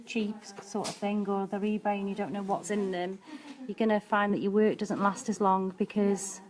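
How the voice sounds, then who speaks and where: A woman's voice: medium pitch, level tone, moderate pace, a crowd in the background. A woman nail technician and educator giving a chatty, practical live-streamed nail art demonstration, with frequent ums as she works.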